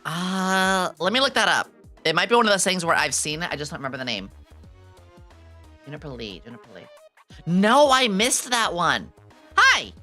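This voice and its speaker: A woman in her thirties chatting casually on a stream, excitable and quick to break into squealing laughter. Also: low-pitched, soft background music.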